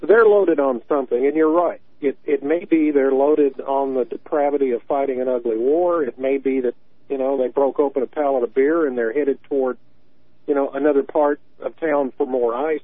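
Over a thin, dry phone connection, a man in his early sixties from Tennessee phones in to a radio show. His pitch is medium and his speed normal, and he argues earnestly, frequently repeating words to drive his point home.

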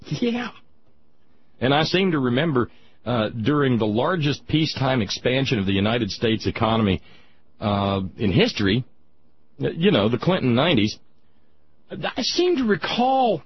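A man's voice: mid-range voice, slightly rough. A man hosting political talk radio, rambling and sardonic, with many restarts. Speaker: radio talk show host. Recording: dull lo-fi broadcast sound.

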